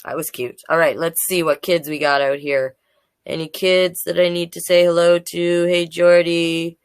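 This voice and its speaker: A woman's voice: fairly low pitch, flat delivery, moderate pace, smooth, no room sound. A woman, a drag king hosting a casual live-stream storytime, chatty and playful as she greets the kids watching by name.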